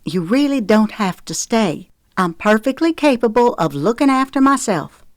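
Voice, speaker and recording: A stubborn young mother , read by a woman narrator, answers in short, clipped, huffy phrases. She speaks a little higher than the narration around her. The sound is close and dry. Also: brisk, dry recording, natural voice.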